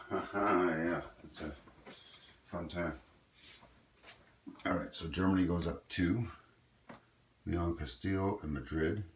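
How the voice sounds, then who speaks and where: A man casually talking through his moves in a tabletop strategy game, explaining as he goes with plenty of ums and uhs. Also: rumbling low. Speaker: board game player. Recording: echoey room with faint noise.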